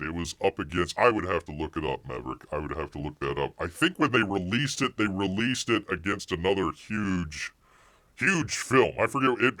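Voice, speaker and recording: A man's voice: sits low, a bit bright. A man hosting a live stream, chatting casually, reading viewer comments aloud and rambling with repeated phrases. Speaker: live show host.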